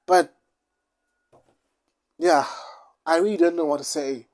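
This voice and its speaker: Young South African vlogger, casual storytime, rambly and repetitive, mid-pitched voice. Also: slow, darkish tone. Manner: rambling, repeats phrases for emphasis. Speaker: YouTuber.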